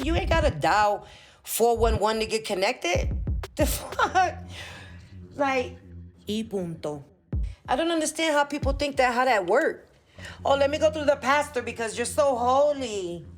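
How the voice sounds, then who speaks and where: Blunt, profane woman ranting. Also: fairly high pitch. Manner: sprinkles in Spanish words. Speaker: vlogger. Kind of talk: ranting opinion monologue.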